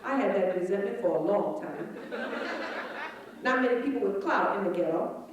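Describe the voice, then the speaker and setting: A woman's voice: medium pitch, animated, moderate pace. A woman doing a stand-up comedy set in a chapel, brash and teasing the crowd, with lots of swearing. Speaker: stand-up comic. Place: chapel filled with a live audience. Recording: echoey, distant 1989 live recording. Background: audience laughter.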